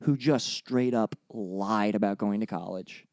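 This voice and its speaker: A young man co-hosting a casual podcast with animated, crude banter. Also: on the low side, unhurried, no room sound, studio quality. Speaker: podcast co-host. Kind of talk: casual chat.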